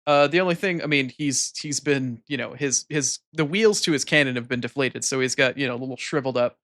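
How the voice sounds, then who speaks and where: A man streaming a video game, chatting casually into a desk microphone and cooing softly to his cat. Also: medium pitch, brisk. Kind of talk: casual live-stream chat.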